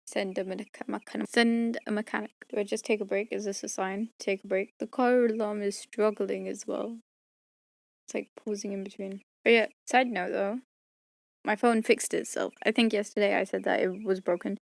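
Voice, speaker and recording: A tired woman records an audiobook at home and chats casually to herself between takes, rambling and joking in a self-mocking way in these outtakes. Her mid-range voice is gravelly, fairly even and moderately paced, with no echo in the room.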